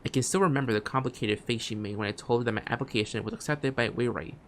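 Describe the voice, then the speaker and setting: A man streaming a game, reading its text aloud, often stumbling and restarting phrases and dropping quiet asides. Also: mid-range voice, fast talker, a little hiss or hum. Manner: drops quiet asides between read lines.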